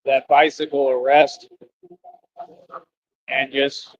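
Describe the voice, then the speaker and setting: A man's voice: medium pitch, level tone, slow pace, lo-fi sound. A man ranting boastfully and scornfully on a live stream.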